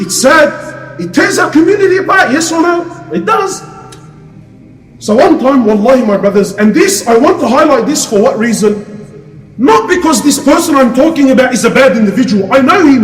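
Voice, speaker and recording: A man preaching an Islamic lecture to a crowd, passionate and full of rhetorical questions. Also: very high-pitched. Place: lecture hall. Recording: echoey hall, distant mic.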